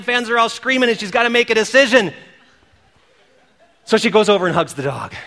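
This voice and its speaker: A man preaching a sermon, telling stories in an animated way and calling out quoted cheers. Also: high voice, long reverb tail. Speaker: pastor. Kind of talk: sermon with storytelling.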